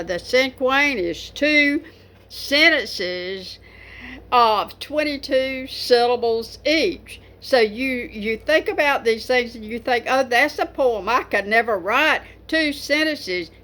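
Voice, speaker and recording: A woman's voice: fairly high pitch, lively intonation, slow pace, a bit bright. A woman talking casually to camera about writing poetry, rambling with many fillers and restarts. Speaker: poetry vlogger.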